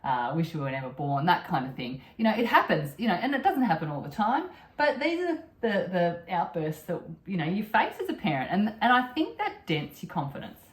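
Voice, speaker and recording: A woman's voice: mid-range voice, big pitch swings, a little fast, few pauses. A middle-aged woman co-hosting a podcast, speaking earnestly and repeating phrases as she thinks. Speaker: podcast co-host. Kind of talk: casual conversational chat. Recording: echoey room.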